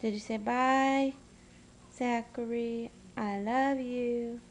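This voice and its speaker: A woman's voice: a little high, steady tone, slow, slight background noise. A woman filming her toddler at home on a camera's built-in mic, coaxing her in sing-song baby talk and scolding her now and then. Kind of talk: home video, talking to a toddler.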